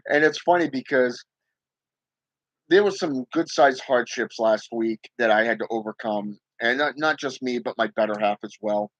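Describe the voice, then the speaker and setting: On a muffled recording with no echo, a man speaks at moderate pace in a mid-range, slightly bright voice. Hosting a casual livestream on his channel, he talks emphatically about spirit work, repeatedly saying "okay?" and "you know."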